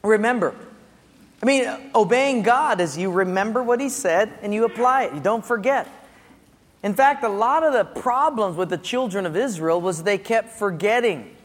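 A man preaching as a pastor, telling a lively story with acted-out voices before turning to his sermon. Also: sits high, normal speed. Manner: animated storytelling with acted-out quotes and laughter. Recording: long hall reverb with faint ambience.

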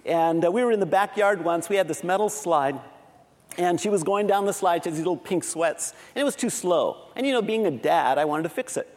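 A middle-aged pastor preaches a sermon in a large hall, telling family stories in a laughing, self-deprecating manner. His voice sits high, animated and a little fast.

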